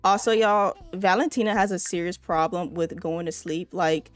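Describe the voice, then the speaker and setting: A woman's voice: lowish voice, normal speed, soft background music. Chatty woman narrating her gameplay. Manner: chatty, addresses viewers as y'all, excitable exclamations. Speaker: let's play creator. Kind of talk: casual gameplay commentary.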